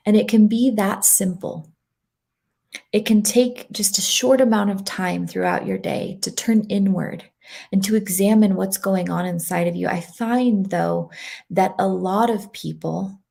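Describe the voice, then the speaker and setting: A woman speaking as a guest speaker, leading a gentle guided meditation and talking in a soothing, affirming way over a video call. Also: medium pitch, vocal fry, husky. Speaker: guest speaker, energy healer. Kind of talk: guided meditation and warm talk.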